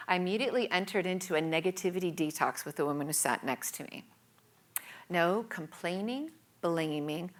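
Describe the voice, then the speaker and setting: A woman's voice: lowish voice, a bit bright. A woman giving a scripted storytelling talk, in a dramatic, playful delivery with whispered asides. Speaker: speaker.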